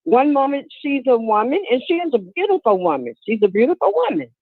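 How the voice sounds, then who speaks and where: A woman's voice: high voice, big pitch swings, a little fast, dry recording. A woman calling in to give her opinion, earnest and outspoken, asking the host directly. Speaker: caller. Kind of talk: call-in opinion. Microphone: phone. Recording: tinny phone line.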